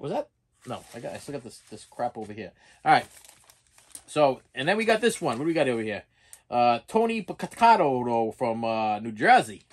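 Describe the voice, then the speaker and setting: A man's voice: mid-range voice, fairly bright tone. A man with a Boston accent, rambling casually through an unboxing vlog and often stumbling over his words. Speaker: collector showing his purchases.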